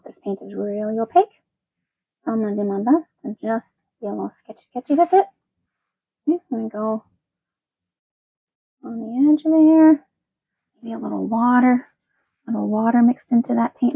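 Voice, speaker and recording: A woman's voice: on the high side, creaky, husky, no room sound, narrow, tinny audio. A woman teaching a step-by-step painting lesson in a chatty, playful, self-encouraging way. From Wisconsin. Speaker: painting instructor.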